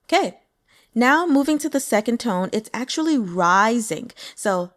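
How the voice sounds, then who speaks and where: A woman's voice: fairly high pitch, animated, measured pace, a bit bright. Upbeat woman teaching pronunciation. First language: English. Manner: upbeat, demonstrates sounds with exaggerated vocal examples. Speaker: language teacher. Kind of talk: casual explainer lesson.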